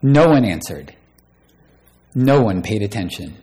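A man's voice: lowish voice, big pitch swings, unhurried, dark tone. Man preaching a dramatic sermon. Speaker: pastor. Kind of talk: sermon with scripture reading.

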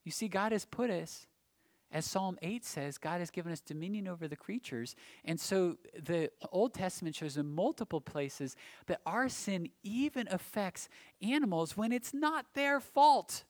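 A man's voice: high-pitched, animated, moderate pace, dry recording. Dry-voiced male preacher with dynamic delivery. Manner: expository preaching, swings from loud emphasis to hushed, near-whispered close. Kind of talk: sermon.

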